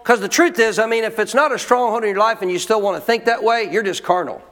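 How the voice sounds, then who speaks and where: A man with a high voice preaches emphatically, firing rhetorical questions at his congregation. His sermon rings out with a long reverb from a large church hall. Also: fast, a bit bright. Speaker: pastor.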